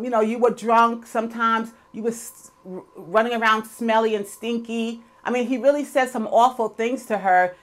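A woman giving a casual, chatty recap of a TV episode, opinionated and full of fillers. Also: lowish voice. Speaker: TV episode reviewer.

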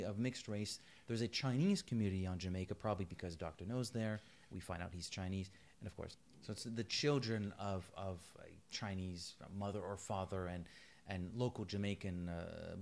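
A man co-hosting a casual podcast book review, rambling and joking with lots of restarts. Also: on the low side. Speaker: podcast co-host.

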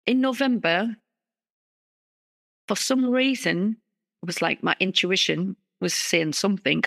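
A middle-aged woman, a guest in an interview, telling a personal story in an earnest, halting way with many restarts. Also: lowish voice, creaky, a bit bright, no room sound.

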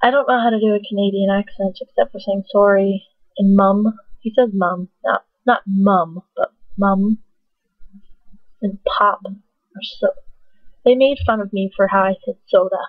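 A woman's voice: mid-range voice, fairly even intonation, brisk, no echo. A young woman vlogging casually at home into a webcam, rambling with lots of fillers and giggly asides. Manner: chatty, filler-heavy, giggly and self-mocking. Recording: dry, tinny phone-like sound.

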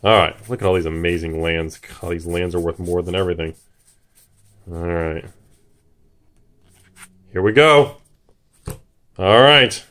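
A man's voice: sits low, a little slow, pauses often. Hyped man opening cards on camera. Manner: hyped, jittery, shouts at big pulls. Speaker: card-opening video host. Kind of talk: excited casual commentary.

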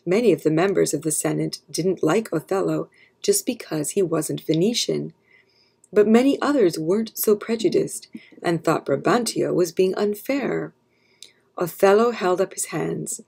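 A woman narrating an abridged classic play as a calm, steady read-aloud story for children. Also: lowish voice, normal speed, vocal fry, slightly rough. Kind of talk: scripted narration.

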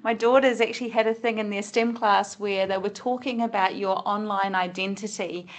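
A woman's voice: mid-range voice, fairly even intonation, moderate pace. A middle-aged woman from New Zealand with a slight Kiwi accent, co-hosting an online community call in a chatty way, thinking aloud with small restarts. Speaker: co-host of a community video call. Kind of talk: casual online meeting chat. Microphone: video call.

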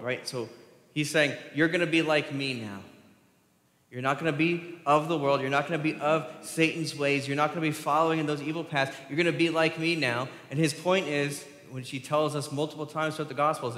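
A man preaching a sermon to his congregation, animated and asking them questions as he goes. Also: mid-range voice. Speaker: pastor. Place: church sanctuary. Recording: echoey long reverb from a church hall.

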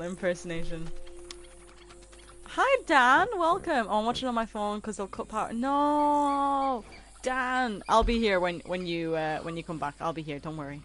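Her voice fairly low and fairly bright, a woman in her twenties hangs out with her game stream audience. She giggles readily while reading and responding to the chat.

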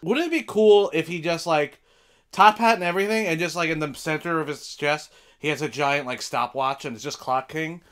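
A young man hosting a live stream from home, chatting casually as he reacts to a film, excitable and profane, now and then breaking into shouts. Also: a little high, moderate pace, clean tone. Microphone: desk mic with headphones.

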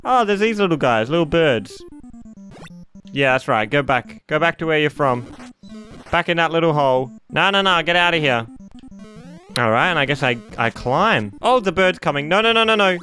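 A man narrates his own video game play in a fast, excitable, jokey stream, often exclaiming to himself. His voice sits a little high and sounds bright and forceful on a close mic. Faint game music plays behind him. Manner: excitable, jokey, talking to himself while playing. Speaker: gaming YouTuber. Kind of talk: let's-play commentary.

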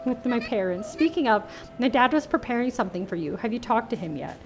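Woman reading a friendly chatty village girl, highish voice, game music. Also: lively intonation, brisk. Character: cheerful young female villager.

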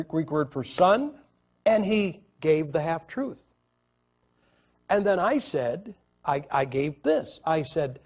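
A man preaching a sermon, telling a story with many halting restarts and swings from loud to quiet. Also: fairly high pitch. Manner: halting, repeats words and restarts. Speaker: evangelist preacher.

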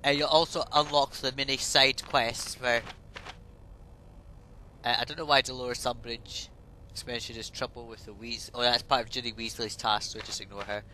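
A man's voice: mid-range voice, level tone, normal speed, sharp tone, a little hiss or hum, poor audio. A man casually rambling through game commentary, offhand and prone to swearing. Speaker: gaming let's play host. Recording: voice over game music.

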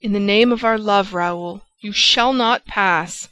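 Woman reading a young singer girl, low and earnest, pleading, audiobook. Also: slow, pushed and bright.

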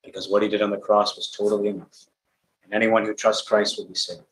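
A man's voice: on the low side, little pitch movement, quick pace, reverberant. A man preaching a gospel sermon in a large tent, earnest and urgent, pressing his listeners with repeated rhetorical questions.

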